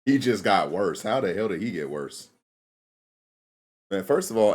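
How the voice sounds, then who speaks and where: A man's voice: low-pitched, lively intonation, moderate pace, long pauses. A man streaming a game live, chatting casually with his viewers in laid-back slang and laughing often. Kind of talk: casual live-stream chat while gaming.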